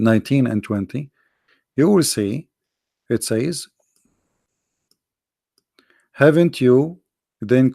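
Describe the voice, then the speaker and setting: Guy hosting a stream, blunt and scornful, gravelly voice, dry close mic. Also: medium pitch, darkish tone, dry recording. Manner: blunt, scornful, repeats himself. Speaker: livestream host. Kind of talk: combative religious talk.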